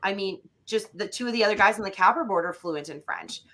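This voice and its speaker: A woman's voice: mid-range voice, animated, quick pace, pushed and bright. A woman from Alberta, a podcast guest, chatting casually and animatedly with lots of fillers and acted-out quotes. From Alberta, Canada. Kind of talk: casual conversational interview.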